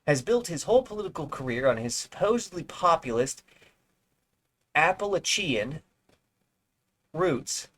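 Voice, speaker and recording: A man's voice: on the high side, very animated, measured pace, pauses often, a bit bright, rough recording. A male streamer reading an article aloud with rambling, sarcastic asides. He swears now and then and trips over words as he reads. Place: home streaming setup.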